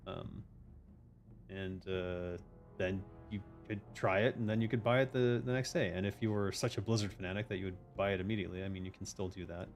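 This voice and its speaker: A man's voice: deep voice, fairly even intonation, fairly quick, soft background music. A man hosting a casual stream chat as a game designer, ranting emphatically with lots of swearing.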